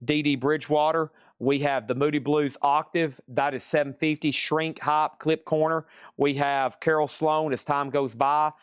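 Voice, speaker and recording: A man hosting a live vinyl sale stream, quickly listing records, grades and prices, worn out after hours of nonstop talking. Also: on the high side, fairly even intonation, clear, resonant tone, no room sound, studio quality. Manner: rapid-fire listing of records and prices, tired. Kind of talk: live sales stream patter.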